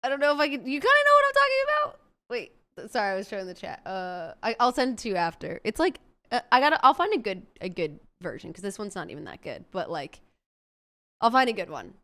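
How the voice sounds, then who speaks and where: This woman streamer talks fast in a slightly high, sharp, very animated voice. She chats loosely while building a game character, rambling as she hunts for words out loud.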